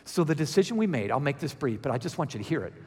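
A man's voice: on the high side, racing, breathy edge. Man with a Georgia accent preaching. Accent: Southern US (Georgia). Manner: lively, asks the congregation questions. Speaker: guest preacher. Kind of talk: conversational sermon. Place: church sanctuary. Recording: reverberant church sanctuary.

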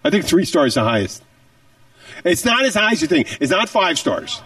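A man's voice: on the high side, sing-song, normal speed, pushed and bright, no room sound, studio quality, recorded from a distance. A man hosting a podcast, talking animatedly and profanely as he jumps between tangents. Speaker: podcast host. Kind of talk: casual podcast chat.

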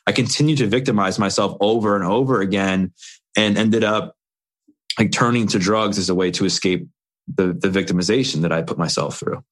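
A man with a somewhat low voice talks candidly about his own life as an interview guest. He is earnest and builds his story in quick chains of short phrases, with everyday fillers along the way.

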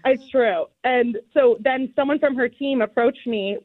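A woman's voice: fairly high pitch, a little slow, dry recording. Giggly woman on a tinny phone line. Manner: giggly, animated storyteller. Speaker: guest caller. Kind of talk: casual phone interview.

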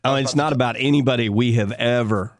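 A man's voice: mid-range voice, fast talker, no echo. A man hosts a call-in garden program from a dry, close-miked studio. He talks in a folksy, chatty way and laughs easily between his advice. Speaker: radio garden show host. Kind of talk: casual call-in radio talk. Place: radio studio. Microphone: studio microphone.

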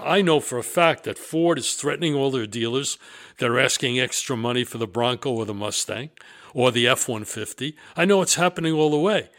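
A middle-aged man telling stories in a casual chat, emphatic and indignant, his voice rising and falling. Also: mid-range voice. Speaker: show guest or co-host telling stories.

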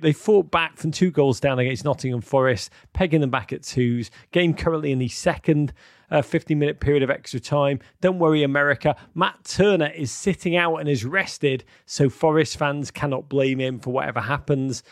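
A man hosting a live-streamed football chat, excitable and theatrical, swinging from outbursts to mock gloom with many ums. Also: fairly high pitch, brisk, no room sound, studio quality. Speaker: host.

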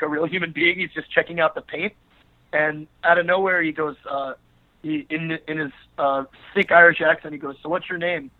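A man, a podcast guest, telling a long story in a rambling casual way with many fillers and restarts. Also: a little high. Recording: narrow phone-like line.

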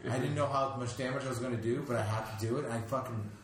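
A man's voice: mid-range voice, very fast. A man chatting casually and telling a prank story with swearing and laughter. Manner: swears, animated retelling with laughs. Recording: echoey room with faint noise.

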